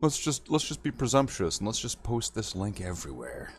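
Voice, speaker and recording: A man's voice: lowish voice, very animated, brisk, breathy edge, dry recording. A man from Canada hosting a casual livestream while he paints models, rambling, self-mocking and repeating words as he goes. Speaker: hobby streamer.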